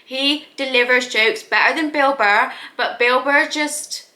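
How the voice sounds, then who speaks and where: Casting: chatty reaction host, high and bright, in an echoey room. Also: female voice, unhurried. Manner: chatty, repeats "you know". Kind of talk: casual reaction commentary.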